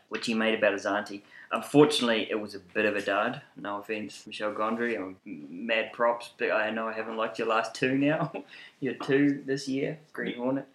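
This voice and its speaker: A man's voice: on the low side, fairly bright tone. A man co-hosting a film review chat, blunt and enthusiastic, swearing freely. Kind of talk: casual chat. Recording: roomy echo.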